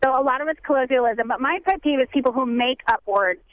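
A woman's voice: sits high, fast, no echo. A woman calling into a radio show, a teacher speaking firmly and with strong opinions. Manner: firm, opinionated. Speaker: caller, educator. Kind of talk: radio call-in. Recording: dull phone-line sound.

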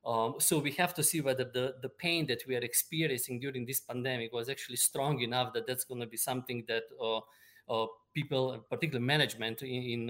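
Male expert guest, mid-pitched, measured and halting delivery. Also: fairly bright tone. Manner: measured, explanatory, many ums and uhs. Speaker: supply chain expert guest. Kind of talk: remote interview answers.

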